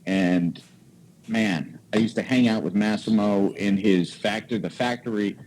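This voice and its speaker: Man, 40s, low voice, animated casual storytelling, acts out quoted voices, faint room hiss. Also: unhurried, low-quality recording. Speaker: podcast guest, cigar maker.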